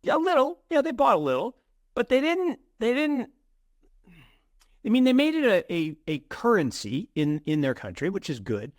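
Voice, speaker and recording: A middle-aged man co-hosting an investing show, chatting in an animated way with many restarts and repeated words. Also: extremely high pitch, moderate pace, dry recording, studio quality. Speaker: co-host of a crypto investing show. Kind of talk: casual conversational commentary.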